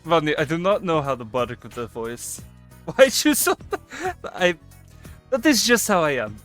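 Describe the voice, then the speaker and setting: A man's voice: a little high, sing-song, measured pace, fairly bright tone, soft background music. A man streaming and chatting casually in a put-on character voice, laughing often and swearing freely. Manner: talks in a put-on character voice he uses for his persona. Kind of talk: casual live-stream chat.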